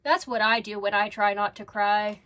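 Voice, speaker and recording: A woman's voice: medium pitch, steady tone, moderate pace, fairly bright tone. A woman giving casual reaction commentary as a vlogger, blunt and swearing freely as she talks straight to the person she is watching.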